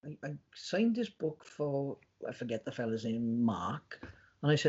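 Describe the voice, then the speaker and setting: A man's voice: a little high, animated, fast talker. A man, co-hosting a poetry podcast, chatting in a colloquial, storytelling way. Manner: chatty, colloquial, slips into other voices. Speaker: poet and podcast co-host. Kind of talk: casual chat. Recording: dull lo-fi podcast audio.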